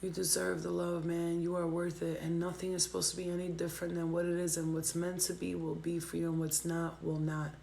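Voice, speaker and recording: A woman's voice: lowish voice, little pitch movement, a little fast, gravelly, hardly any pauses, mellow, slight background noise. A woman doing a spiritual reading on a livestream, talking to viewers in a heartfelt, emotional way and swearing freely. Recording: roomy echo.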